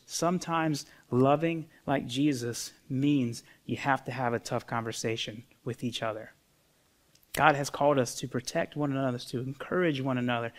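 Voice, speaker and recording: A man preaching a sermon as pastor, conversational and earnest, often repeating words as he goes. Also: mid-range voice.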